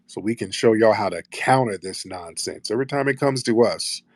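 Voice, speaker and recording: A man's voice: fairly low pitch, a little mellow, no echo, clean studio sound. A man hosting a heated live call-in show, talking bluntly and combatively, often profane. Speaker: host.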